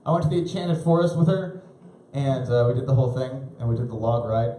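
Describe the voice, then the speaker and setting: A man in his thirties doing live stand-up comedy on a club stage, rambling and self-deprecating, with halting restarts. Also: medium pitch, fairly even intonation, warm tone. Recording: roomy live club recording.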